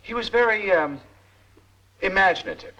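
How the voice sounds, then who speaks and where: A man's voice: sits high, animated, normal speed, sharp tone, highs cut off. An actor playing a nervous, apologetic male aide in a film drama, stammering as he answers his boss. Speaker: personal aide.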